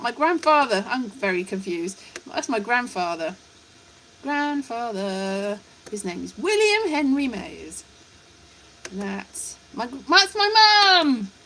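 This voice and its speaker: A woman's voice: sits high, sharp tone. A woman rambling in a scatterbrained, chatty way while greeting viewers on a casual live stream. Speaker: livestreamer.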